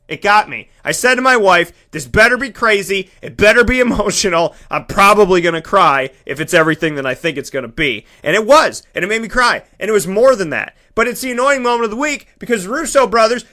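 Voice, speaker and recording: A man hosting a radio show, talking in an animated, emphatic monologue and acting out the voices he quotes. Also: high voice. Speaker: radio host and broadcaster. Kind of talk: energetic monologue.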